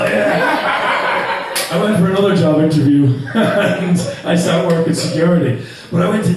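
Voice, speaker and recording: A man's voice: fairly high pitch, far from the mic. A man in his twenties from Ireland with a Dublin accent, doing a sweary, self-mocking stand-up set and laughing through his lines. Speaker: stand-up comedian. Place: comedy club stage. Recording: echoey club, mic from afar. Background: audience laughter.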